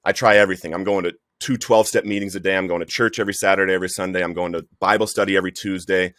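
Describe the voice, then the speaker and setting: Podcast guest, male, low-pitched voice, earnest storyteller, dry close sound. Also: steady tone, racing, fairly bright tone, no room sound. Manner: earnest storytelling, says "bro" often. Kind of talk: personal recovery story.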